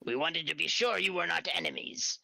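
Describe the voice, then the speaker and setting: A man's voice: on the high side, animated, creaky, bright, forceful tone, no echo, voice pushed up, full character voice, low-quality recording. A man with a sore throat voicing a formal male newt patrol leader who speaks in a raised, stilted way. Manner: formal, halting stilted speech. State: getting over a cold, sore throat.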